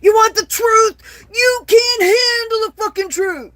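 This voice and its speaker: A woman in her late fifties doing an impression of a defiant middle-aged man, shouting. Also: very high-pitched, measured pace, dry recording, pitched above the performer's own voice. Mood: shouting defiance. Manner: shouting, exaggerated delivery.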